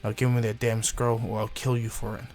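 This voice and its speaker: A man's voice: lowish voice, little pitch movement, brisk, darkish tone, lightly acted. A man voicing a treacherous adult male ninja who taunts and bullies. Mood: sneering. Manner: mocking, taunting.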